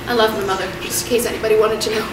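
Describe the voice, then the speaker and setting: A woman's voice: mid-range voice, fairly even intonation, rapid-fire. A seventeen-year-old girl performing a one-woman comedy show, ranting in an exasperated, self-mocking way. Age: teens. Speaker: solo stage performer. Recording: echoey hall from far off, loud noise.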